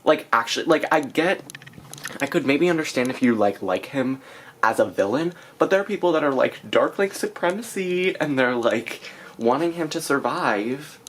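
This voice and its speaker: A woman's voice: very deep voice, lively intonation, normal speed, a little hiss or hum. A young woman chatting casually in a reading vlog, exasperated and full of fillers, recorded on a camera mic. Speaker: book vlogger.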